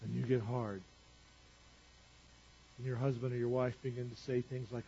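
A male pastor preaching a sermon to a congregation, talking conversationally with rhetorical questions and swinging from loud to quiet. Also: medium pitch, level tone, moderate pace, slight background noise. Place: church. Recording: dull lo-fi church recording.

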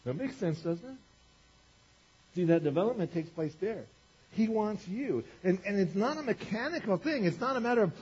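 A male pastor preaching with a husky, fairly high voice. He talks to the congregation in a lively, conversational way and slips into acted-out quotes. The recording sounds dull and lo-fi. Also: moderate pace. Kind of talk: sermon.

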